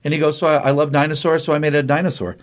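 A man casually recapping a comic book story, lively, with quick voices for the characters he quotes. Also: fairly high pitch.

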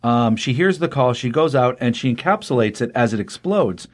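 A man's voice: medium pitch, animated, moderate pace. A man casually retelling a comic book story, rambling with many ums and restarts and briefly acting out the characters' lines. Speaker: podcast host recapping a comic. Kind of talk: casual spoken recap.

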